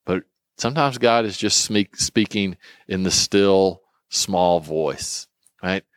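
Earnest low-voiced male Bible teacher. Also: dry recording. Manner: earnest, reflective, halting with fillers.

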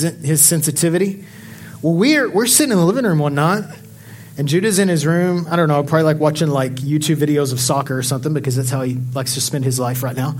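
A man preaching a sermon, swinging from impassioned exhortation to quiet, confiding storytelling. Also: fairly high pitch. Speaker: pastor.

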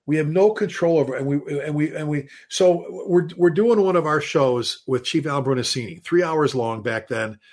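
A man, a fire chief guest on a show, telling stories in an animated, casual way with many restarts and repeated words. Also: a little high, normal speed, hardly any pauses. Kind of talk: casual storytelling.

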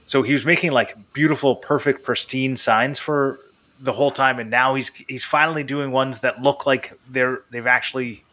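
Bright-voiced podcast host, rambling. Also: male voice, medium pitch, fairly even intonation, moderate pace. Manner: rambling, laughs often. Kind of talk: casual podcast chat.

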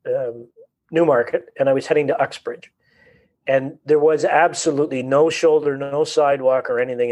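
Guy telling a story on a chat show, bit husky, gets animated doing his own inner voice. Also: on the high side. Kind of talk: conversational storytelling.

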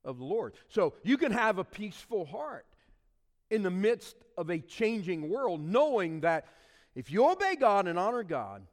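A man preaches a sermon from the pulpit, his slightly high voice rising and falling with lively emphasis. He takes his time, stretching out the important words. Long church-hall reverb trails each phrase. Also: normal speed. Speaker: pastor. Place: church sanctuary with congregation.

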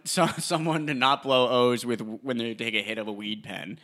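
A man's voice: medium pitch, steady tone, moderate pace, sharp tone. A young man co-hosting a casual podcast, rambling through half-finished sentences and laughing often. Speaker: podcast co-host. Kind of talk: casual crude podcast banter.

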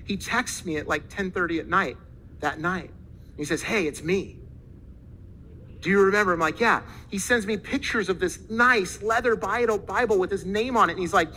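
Male pastor, high bright voice, animated storytelling sermon, faint hiss behind. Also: brisk, rough recording. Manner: animated, acts out quoted voices.

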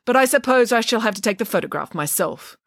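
A woman voicing a pompous, imperious female pig nanny who is quick to pick a fight. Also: on the high side, lively intonation, vocal fry, dry recording, voice pushed up. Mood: indignant. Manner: indignant, imperious, sarcastic.

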